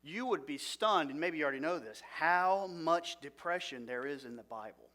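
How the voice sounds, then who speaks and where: Middle-aged male Bible teacher, earnest, questions the room, bright, slightly higher pitch. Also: lively intonation, moderate pace. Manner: earnest, asks the audience questions, drops to a low soft voice for feelings.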